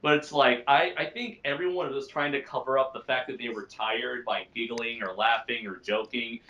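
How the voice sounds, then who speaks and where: A man's voice: medium pitch, steady tone, moderate pace, sharp tone, highs cut off. A man co-hosting a casual podcast, rambling with many restarts and frequent laughs. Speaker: podcast co-host. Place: lives in Japan.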